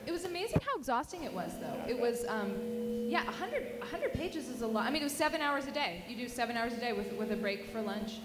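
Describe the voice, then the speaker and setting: A woman's voice: on the high side, big pitch swings, fast, over a noisy crowd. A woman in her forties, an author, telling stories at a live book event, self-deprecating and laughing often. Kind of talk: casual conversational storytelling. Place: bookstore event room. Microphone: handheld mic at a live event. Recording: live event audio with long reverb and audible noise.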